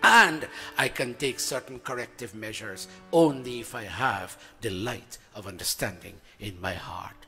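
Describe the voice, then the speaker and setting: A middle-aged man leads a sermon with call-and-response chanting, moving from loud chant to hushed tones. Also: mid-range voice, a little slow, creaky, few pauses. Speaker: spiritual teacher leading satsang. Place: large hall before a congregation. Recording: long hall reverb, faint music behind.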